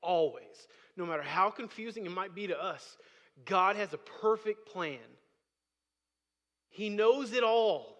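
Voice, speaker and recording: A man's voice: high voice, unhurried, a bit bright, dull audio. A man preaching a sermon as pastor, speaking conversationally and rising to emphatic bursts. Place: church sanctuary. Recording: long hall reverb.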